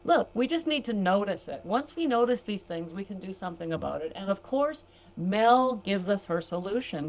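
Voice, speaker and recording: A woman's voice: mid-range voice, lively intonation, normal speed. Older woman, podcast sobriety coach, casual and talkative, laughs easily. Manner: warm, chatty, laughs easily, addresses listeners as gals. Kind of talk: casual podcast monologue reading from a book.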